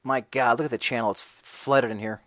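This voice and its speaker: A man's voice: medium pitch, fairly even intonation, brisk, fairly bright tone, no echo, poor audio. A man hosting a casual talk radio show, reading and answering chat messages in a sarcastic, ranting way.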